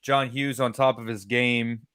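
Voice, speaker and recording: A man's voice: medium pitch, a little slow, smooth, no echo. Laid-back man in dry, close sound. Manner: relaxed, swears casually, thinks aloud with fillers. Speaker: podcast co-host. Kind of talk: casual movie-debate livestream chat.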